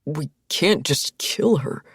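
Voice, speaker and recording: A woman narrator voicing a frightened, reluctant young man who speaks slowly and heavily, with a husky, gravelly tone. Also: a bass voice, dry recording, clean studio sound, pitched below the performer's own voice, heavily acted. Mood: strained.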